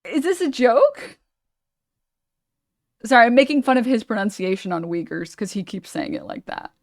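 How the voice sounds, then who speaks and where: A woman's voice: mid-range voice, expressive, fast talker, no room sound, studio quality. Sarcastic streamer woman reacting. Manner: sarcastic, blunt, swears. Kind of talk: casual reaction commentary.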